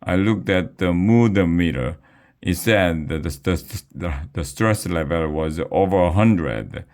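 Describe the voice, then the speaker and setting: A man reading a children's book aloud with a slow, deliberate delivery. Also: sits low, a little mellow. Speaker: reader.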